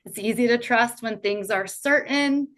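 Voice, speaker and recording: A woman in her thirties speaks earnestly on a podcast, her voice sitting a little higher than most. She talks in a heartfelt, conversational way, with plenty of casual fillers. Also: measured pace, fairly bright tone. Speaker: podcast guest.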